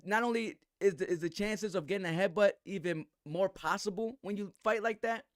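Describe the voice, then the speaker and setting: A man's voice: sits high, no echo, studio quality. A man hosting a livestream, giving heated, slangy commentary full of restarts. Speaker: host.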